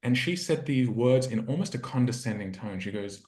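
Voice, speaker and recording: Speaking at a normal pace in a mid-range, slightly mellow voice, this man sounds expressive. He's a relationship coach sharing a personal story during a podcast interview, voicing his inner thoughts with earnest reflection, and the room echoes noticeably.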